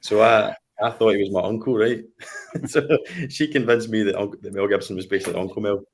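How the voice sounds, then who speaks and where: A man from Scotland in his thirties, a podcast guest chatting casually and telling relaxed anecdotes. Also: fairly low pitch, fairly quick, a little hiss or hum. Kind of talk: casual chat.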